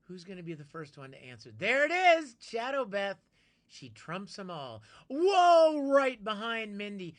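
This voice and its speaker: A man chatting casually with his live-stream viewers, playfully greeting each one by name with bursts of excitement. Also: high voice, moderate pace.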